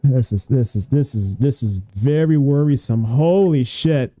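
A young man streaming his gacha pulls, excitable and swearing, pleading and groaning at each result. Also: mid-range voice, measured pace, dry recording, faint music behind. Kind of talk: gacha pull reaction stream.

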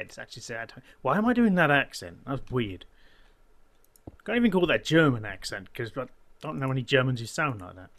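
A man chats casually over his own gameplay, often half-muttering to himself and quietly counting things off. His voice swings animatedly up and down, with a gravelly edge and a bright, forceful tone. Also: mid-range voice. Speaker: gaming channel host.

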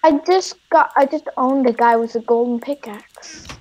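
A woman chatting while gaming, playfully putting on an accent with broken English and drawn-out teasing lines. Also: high voice, darkish tone, poor audio. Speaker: gamer. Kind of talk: casual gaming chat.

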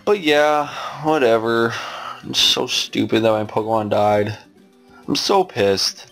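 A man's voice: medium pitch, slow, vocal fry, fairly bright tone, soft background music. A young man giving casual let's-play commentary as a gaming YouTuber, exasperated and exclaiming as he rambles on.

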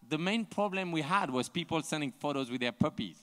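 A man's voice: a little high, fairly quick. A man from France with a French accent, animatedly telling stories on stage at a live talk and acting out other people's lines. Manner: animated, acts out others' dialogue, laughs often. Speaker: invited artist on a panel. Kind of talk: live onstage storytelling. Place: large museum auditorium before an audience. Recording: long hall reverb from a live auditorium.

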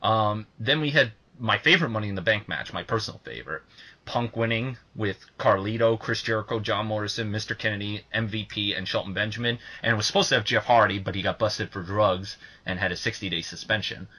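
A young man co-hosts a casual podcast with a bright, forceful voice. He talks excitably, swears freely and breaks into shouting when something gets him going. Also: on the low side, a little fast, slightly rough. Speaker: podcast co-host.

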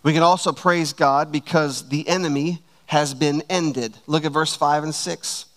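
Man, pastor, sermon, unhurried emphatic delivery, somewhat high-pitched. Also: fairly even intonation, a bit bright. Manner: slow, emphatic preaching with drawn-out words.

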